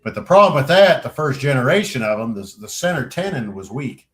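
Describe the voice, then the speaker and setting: A man's voice: medium pitch, a little fast. A middle-aged man telling service stories in a casual podcast chat, rambling and swearing freely as he acts out what others said. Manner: animated storyteller who swears freely and acts out what people said; rambling, with frequent restarts and "you know". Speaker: podcast crew member.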